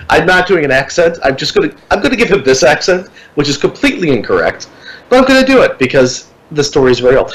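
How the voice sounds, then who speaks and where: A man in casual podcast chat, telling a long story with lively energy, swearing freely and putting on voices for the people in it. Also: fairly high pitch, quick pace, poor audio.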